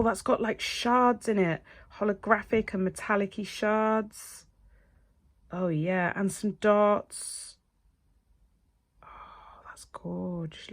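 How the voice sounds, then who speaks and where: Gushing woman with a gravelly edge. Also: mid-range voice. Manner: gushing, excitable, drops to breathy whispers. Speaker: nail technician. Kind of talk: casual unboxing chat.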